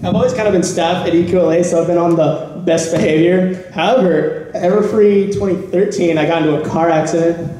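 Guy with a high mellow voice telling a crazy story on a panel, laughing a lot, big echoey hall. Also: steady tone, a little fast, slight background noise. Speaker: podcast panelist. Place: convention panel room.

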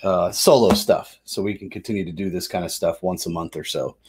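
A man's voice: low-pitched, a little fast, darkish tone, slight background noise. A man hosting a board game session, explaining the rules casually, loose and chatty, with fillers and self-corrections.

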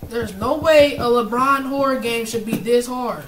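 A young gamer commentating a horror game, bursting into loud panicked screams between jokey banter. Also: medium pitch, unhurried, a little hiss or hum, poor audio.

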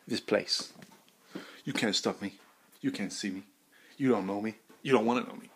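A man rambling through a crude, joking solo monologue as a podcast host, swinging into loud bursts of mock bravado. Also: fairly low pitch, moderate pace, pauses often, a little hiss or hum.

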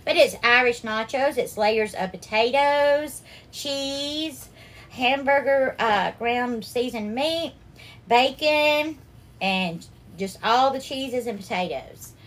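Sweet-talking woman, slightly high voice. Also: slow pace, a bit bright. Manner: affectionate, greets viewers by name, calls them darling and sweetheart. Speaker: cooking livestream host. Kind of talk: live cooking demo, chatting with viewers.

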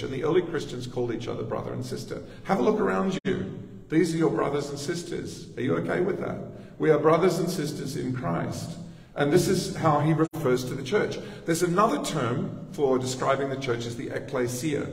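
An Australian pastor delivers a conversational sermon and talks directly to his congregation. His voice sits a little high for a man. He is recorded from across a large church, so the sound is roomy, with a long echo. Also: gravelly, a little mellow. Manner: conversational preaching with asides and laughter. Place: church sanctuary. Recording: echoey church hall, distant mic.

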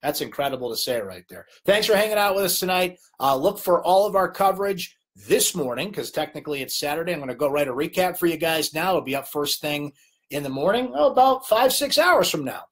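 A middle-aged man hosts a live late-night sports chat. His husky voice jumps up and down in pitch as he rants, clearly exasperated with the broadcast commentary, before easing into his sign-off. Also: fairly quick. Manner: exasperated, ranting, animated. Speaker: sports show host.

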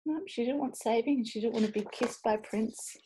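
A woman reading a children's picture book aloud over a video call, expressive and playful, slipping into whispers and little asides. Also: fairly high pitch, fairly quick, noisy background. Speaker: children's storybook reader.

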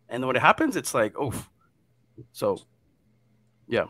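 Animated man telling a spooky story. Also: mid-range voice, measured pace, pauses often, no echo. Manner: animated, drops to hushed tones at scary parts. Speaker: guest storyteller. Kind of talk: casual chat, telling a ghost story.

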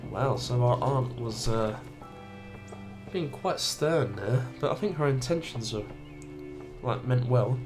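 A man's voice: mid-range voice, lively intonation, slow. Chatty young man playing a game. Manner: chatty, laughs at himself. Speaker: let's play host. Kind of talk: casual gameplay commentary. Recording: game music behind.

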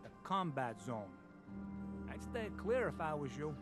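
Gossiping townsfolk of a wasteland city with a Brooklyn accent. His voice sits a touch high, chatty and streetwise. Game music runs behind. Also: big pitch swings, a little slow. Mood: gossipy. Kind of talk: video game voice acting.

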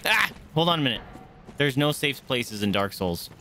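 A man's voice: mid-range voice, lively intonation, moderate pace, sharp tone, a little hiss or hum. A man streaming a game live, talking through his fights with frequent swearing, greeting viewers and chatting to his dogs. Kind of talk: live gameplay commentary.

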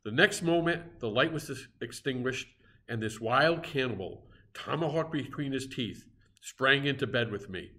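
A man with a mid-pitched voice reads a classic novel aloud. He narrates steadily and expressively, leaning into the drama of the lines. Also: lively intonation, normal speed, sharp tone. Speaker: reader.

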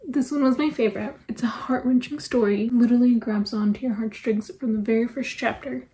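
A woman's voice: fairly high pitch, steady tone, fairly quick, warm tone, rough recording. A woman chatting casually as she reviews books on her vlog, gushing and full of "like" fillers. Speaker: book vlogger. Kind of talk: casual book review chat.

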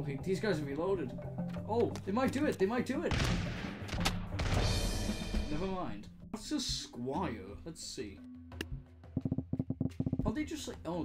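A young man giving excitable, casual commentary while playing a video game, often laughing and swearing. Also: on the high side, unhurried, long pauses. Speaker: gaming commentator. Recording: music playing behind.

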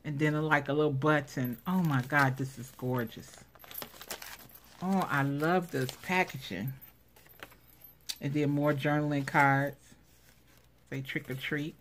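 Gushing low-voiced woman unboxing crafts. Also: slow pace, long pauses. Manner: gushing, exclaims over each item. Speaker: craft vlogger showing giveaway prize. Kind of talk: casual unboxing commentary.

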